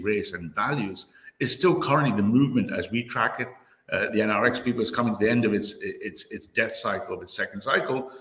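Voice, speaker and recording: A man hosting a livestream panel, arguing forcefully and peppering his points with "right?". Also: lowish voice, reverberant. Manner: forceful, rhetorical, repeats "right?". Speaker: host of a political talk stream.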